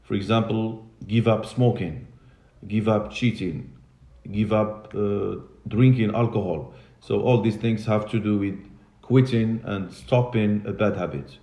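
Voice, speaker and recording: Guy teaching english, low mellow voice, big echo in the classroom. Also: steady tone, unhurried. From Morocco. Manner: patient, repeats and spells words, switches into Arabic and French. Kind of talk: classroom lesson. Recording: echoey classroom.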